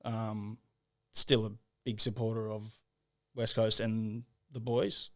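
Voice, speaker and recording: A young Australian man with an Australian accent, a guest telling stories in a relaxed way and laughing often. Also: on the low side, slow. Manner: relaxed, laughs often, laid-back storytelling. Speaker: podcast guest, former footballer. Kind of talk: casual interview chat.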